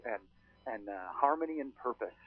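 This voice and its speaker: A man's voice: mid-range voice, expressive, normal speed, faint music behind. A man as a paranormal investigator guest on a podcast, telling his stories in a chatty way with lots of fillers. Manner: chatty, storytelling, frequent "uh" fillers. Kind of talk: casual podcast chat. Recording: thin phone-line sound.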